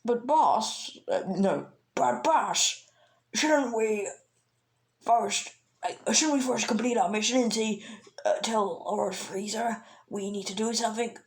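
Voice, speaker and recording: A woman's voice: a little high, slow pace, voice pushed up. A woman voicing a big, dim male alien henchman who defers to his boss. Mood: pleading.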